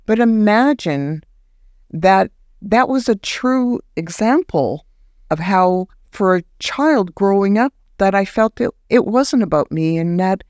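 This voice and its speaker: Woman guest, animated storyteller, dry recording. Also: smooth, dry recording. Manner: animated, acts out remembered words in a higher voice; halting restarts when recounting. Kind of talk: personal storytelling in a podcast interview.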